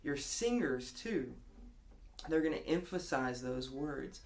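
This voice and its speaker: A man's voice: medium pitch, animated, slow, creaky. A man giving a casual guitar lesson, explaining a strumming pattern and counting beats aloud. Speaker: guitar teacher.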